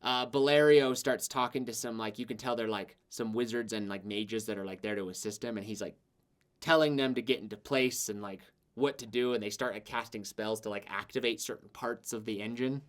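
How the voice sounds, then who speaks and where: A man's voice: lowish voice, fairly even intonation, a little fast. Rambling male game master. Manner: rambling, full of filler words. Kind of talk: narrating a tabletop game.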